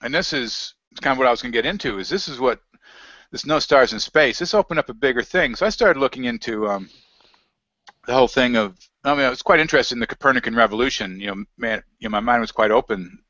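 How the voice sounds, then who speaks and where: A man's voice: mid-range voice, animated, quick pace, pushed and bright, dry recording. A man in casual conversation, rambling through anecdotes with frequent laughs. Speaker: guest researcher. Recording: dull lo-fi audio, dry.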